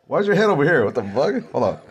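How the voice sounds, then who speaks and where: A man talks in a loose, rambling vlog, excitable and quick to swear, often breaking into laughter. His voice sits high and leaps around in pitch. It has a husky grain. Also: faint music behind.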